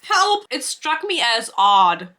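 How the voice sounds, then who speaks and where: A woman's voice: a little high, normal speed, bright, forceful tone. A young woman reviewing a book on her own channel, ranting casually with sarcasm, swearing and laughing asides. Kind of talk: casual rant to camera.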